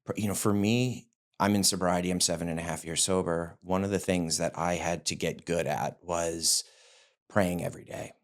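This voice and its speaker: A man's voice: deep voice, fairly even intonation, moderate pace. A man hosting a podcast interview, talking in a candid, conversational way with personal asides. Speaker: podcast host.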